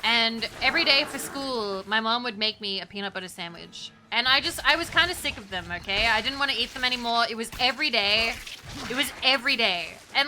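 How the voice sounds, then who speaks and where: Bright, high-voiced woman telling a story. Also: a little hiss or hum. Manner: rambling, giggly anecdote with frequent restarts. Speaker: VTuber streamer. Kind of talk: casual storytelling.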